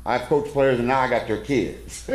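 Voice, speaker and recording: At a church men's conference, a middle-aged man who coaches shares a folksy, meandering, self-deprecating story in casual conversation. He speaks at medium pitch and normal speed. The church hall gives the recording an echo.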